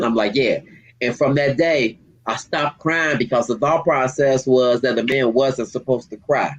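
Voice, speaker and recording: A man, a community activist, speaking with deep emotion and street slang in an interview, near tears. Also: unhurried, dull audio. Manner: heartfelt, storytelling, street slang. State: holding back tears.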